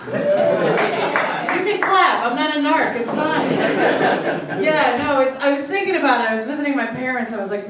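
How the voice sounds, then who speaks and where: A woman's voice: high voice, normal speed. Long Island woman doing stand-up. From Long Island, New York. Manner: deadpan one-liners, chatting with the crowd. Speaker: stand-up comedian. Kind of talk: stand-up set. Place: comedy club. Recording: echoey club from far off, noisy. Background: audience laughter.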